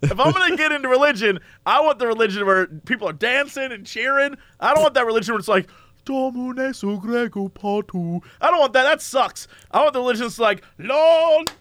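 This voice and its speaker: Animated male co-host, very high and lively, dry close mic. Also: quick pace, hardly any pauses, no room sound. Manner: animated, laughing often. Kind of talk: casual comedic chat.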